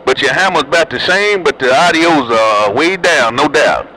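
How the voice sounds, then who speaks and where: This CB radio chat features a man teasing other drivers with joking, slang-filled banter. His slightly high voice sounds pushed and bright, with lively intonation and a moderate pace, in a rough recording.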